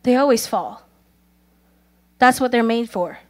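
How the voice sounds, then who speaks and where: A woman preaching a sermon, telling stories earnestly, calling for amens, and speaking quoted prayers softly. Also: a little high, measured pace. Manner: earnest storytelling, calls for amens; acts out quoted prayers softly, at times in a whisper.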